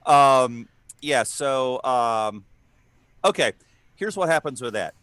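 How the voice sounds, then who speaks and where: A man's voice: medium pitch, expressive, slow pace, a bit bright, clean tone, no echo. A man running a tabletop role-playing game as game master, talking with frequent ums and uhs. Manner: hesitant, lots of ums and uhs.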